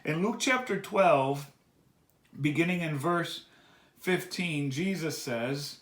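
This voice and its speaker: A man preaching a sermon reflection, earnestly urging his listeners, repeating key phrases and slowing down on the words he stresses. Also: on the high side, fairly bright tone, reverberant. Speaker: pastor.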